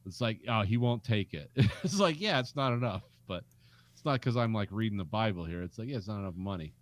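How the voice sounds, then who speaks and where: A man's voice: on the low side, expressive, fast. A man co-hosting a casual chat, telling blunt, wry stories and slipping into impressions. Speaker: podcast co-host.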